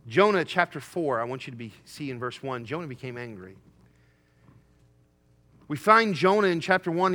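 A man's voice: on the high side, in a large hall. A man preaching a sermon, reading scripture aloud and voicing the prophet with emphatic rises. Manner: emphatic, rising to excited peaks when voicing Jonah.

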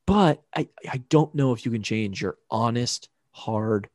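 A man's voice: mid-range voice, measured pace, darkish tone, no room sound, studio quality. A young man co-hosting a podcast, chatting casually from home with a rambling, self-interrupting way of talking and the odd swear word. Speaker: podcast co-host. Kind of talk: casual chat. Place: home room with roommate nearby.

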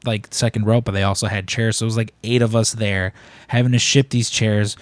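A man hosting a podcast, telling a story in a casual, animated way and acting out the people he quotes. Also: lowish voice, brisk, no echo. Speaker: podcast host.

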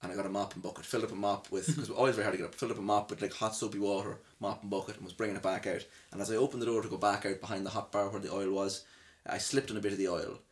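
A man's voice: fairly low pitch, steady tone, very fast. A young Irish man hosting a podcast, rambling through funny anecdotes from his job, laughing at himself and mimicking the people involved. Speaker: podcast host. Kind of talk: comic storytelling chat.

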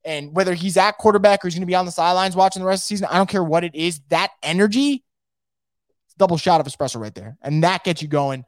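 A man hosts a casual sports podcast from home, talking fast and with emphasis, and he often doubles back on his words. His voice sits a bit high for a man. The sound is dry and close, with no room echo. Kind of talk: casual live sports talk, reading viewer comments.

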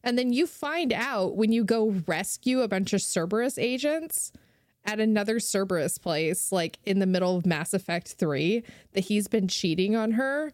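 A woman's voice: mid-range voice, moderate pace, no echo, clean studio sound. Sarcastic young woman ranting on a podcast. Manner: animated, sarcastic ranting with laughs. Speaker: podcast guest. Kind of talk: casual podcast chat.

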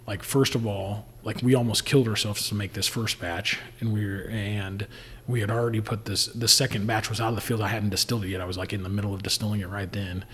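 A man's voice: fairly low pitch, fairly even intonation, fast talker, slightly rough, in a large hall. A man telling stories in casual podcast chat, rambling with fillers and laughing often. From Indiana. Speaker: distiller. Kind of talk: casual storytelling.

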